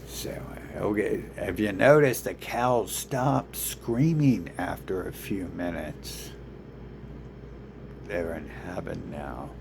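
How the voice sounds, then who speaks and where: A man's voice: sits low, steady tone, takes it slowly, creaky, background noise. A man ranting in a rambling, profane monologue, swearing constantly and restarting his sentences. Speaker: vlogger.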